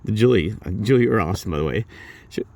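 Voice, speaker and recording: A man telling a rambling work story in casual talk, acting out his coworkers' lines in a higher voice. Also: expressive, quick pace, darkish tone. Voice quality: low gravelly voice. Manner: rambling, acts out coworkers' lines with raised pitch.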